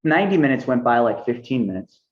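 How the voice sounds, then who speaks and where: A man's voice: mid-range voice, fast talker, reverberant, lo-fi sound. A man speaking as a podcast guest, telling stories energetically and acting out the dialogue. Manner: energetic, acts out quoted dialogue in a raised voice. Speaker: guest, money mentor. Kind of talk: animated storytelling interview.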